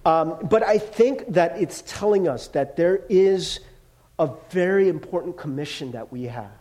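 Animated man preaching a casual sermon. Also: fairly high pitch, unhurried. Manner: animated, casual slang, drops to hushed voice for quotes. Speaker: pastor.

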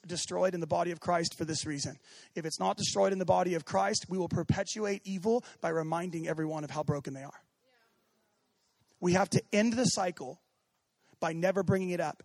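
Animated preacher man, high voice. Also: quick pace, creaky, no echo. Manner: animated, swings from shouting to hushed; acts out quoted voices. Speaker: pastor. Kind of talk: sermon.

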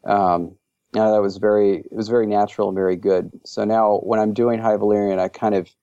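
A man's voice: lowish voice, level tone, a little fast, mellow, clear, resonant tone, no room sound, muffled recording. A man guesting on a podcast interview, talking enthusiastically and rambling with lots of fillers. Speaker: interview guest, language creator. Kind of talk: casual interview chat.

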